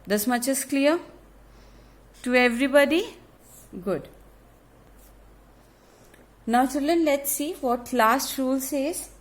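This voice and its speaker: A woman teacher giving a grammar lesson to children, explaining slowly, repeating herself and often asking if it is clear. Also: high-pitched. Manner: slow, repetitive explaining with frequent check questions.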